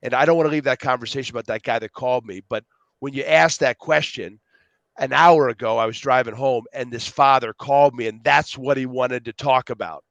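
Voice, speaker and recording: A man as a podcast guest telling stories in a rambling, animated way, acting out dialogue and jumping between tangents. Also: mid-range voice, fairly quick, vocal fry, no echo, muffled recording. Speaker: podcast guest, youth speaker. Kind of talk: casual storytelling interview.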